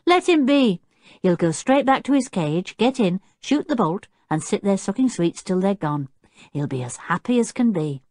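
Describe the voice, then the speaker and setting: A woman voicing a cheerful circus boy who is proud of his chimpanzee, talking in a bright, eager, chatty way. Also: medium pitch, very animated, normal speed, no room sound, clean studio sound, lightly acted.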